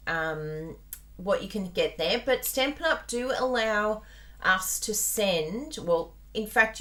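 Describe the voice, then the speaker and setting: Through a plugged-in microphone at her desk, a woman with an Australian accent chats her way through a live card-making tutorial. Her pitch is fairly low with a bit of brightness, and she's bubbly, talking right to her viewers.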